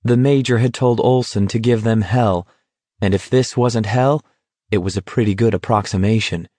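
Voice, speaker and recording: A man reading a novel aloud in a measured, even storytelling manner. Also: on the low side, dry recording. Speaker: narrator. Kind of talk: audiobook narration.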